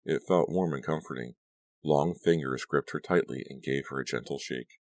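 Very deep-voiced male audiobook narrator. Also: creaky, dry recording. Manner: steady, measured storytelling.

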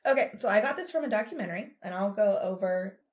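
A woman co-hosting a casual podcast with her mother, chatty and quick to laugh while she sets up a true crime story. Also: medium pitch, expressive. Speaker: podcast co-host; daughter of co-host, telling a true crime story. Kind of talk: casual chat.

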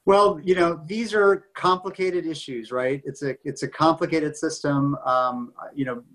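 Male guest expert, slightly high voice, measured explainer. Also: a bit bright, low-quality recording. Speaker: guest, public health expert. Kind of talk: conversational interview.

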